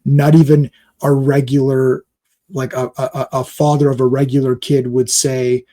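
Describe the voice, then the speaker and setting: A man's voice: mid-range voice, level tone, measured pace, dark tone. A man giving casual reaction commentary on a movie trailer, rambling and exasperated with lots of fillers.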